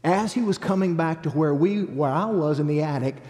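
Preacher in a reverberant hall. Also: male voice, fairly high pitch, fairly quick. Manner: animated storyteller acting out quotes. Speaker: evangelist. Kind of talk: preaching testimony.

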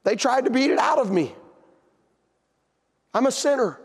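A man preaching from the pulpit with a strikingly high-pitched voice. He tells a heartfelt personal story and pokes fun at himself. His words ring out with the long reverb of a large church hall. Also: expressive, moderate pace, husky. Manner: emotional, self-deprecating storyteller.

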